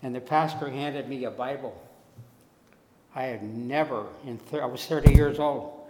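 Slow-spoken preacher in an echoing hall. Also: male voice, medium pitch, a little hiss or hum. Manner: slow storytelling, drops soft then rises loud. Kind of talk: sermon testimony. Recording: echoey hall with long reverb.

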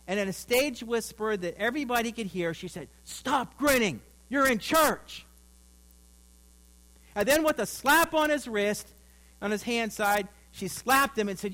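A male pastor preaching a sermon, swinging between loud emphasis and quiet asides. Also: high voice. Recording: mains hum.

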